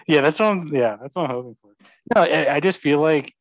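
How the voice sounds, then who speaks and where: A man's voice: fairly high pitch, moderate pace, creaky, dry recording, rough recording. A young man chatting about football, agreeable and hesitant, full of ums and yeahs. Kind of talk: casual sports chat.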